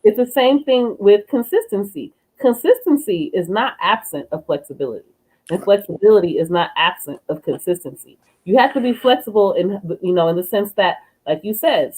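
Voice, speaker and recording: A middle-aged woman in casual podcast conversation, blunt and outspoken, swearing freely as she tells stories. Her pitch swings widely and lively. She sounds expressive and direct. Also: husky, rough recording. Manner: blunt, animated storyteller who swears freely. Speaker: co-host, youth worker.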